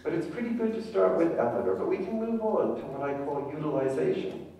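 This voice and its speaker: In a conference hall, a family therapist gives a talk and draws the audience in with questions. His voice runs high, very animated and warm, at a brisk pace. The recording is echoey and taken from far away.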